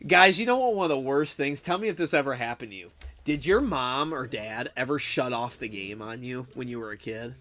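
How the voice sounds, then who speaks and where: A man's voice: mid-range voice, animated, brisk, bright, forceful tone. A young adult man chatting casually with viewers during a game live stream, swearing freely and laughing often. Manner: laid-back, swears a lot, laughs often, says dude.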